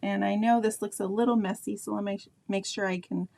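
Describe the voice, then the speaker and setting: A woman's voice: medium pitch, fairly even intonation, brisk, creaky, a little mellow, no echo. A middle-aged woman with a Canadian accent, leading a live painting tutorial in a chatty, rambling way full of asides to her viewers. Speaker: painting instructor.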